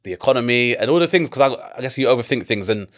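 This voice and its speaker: The comedian guest, a Londoner in his forties with a matching accent, talks fast in a medium-pitched male voice. He tells stories in a casual interview, animated throughout, laughing often and swearing plenty.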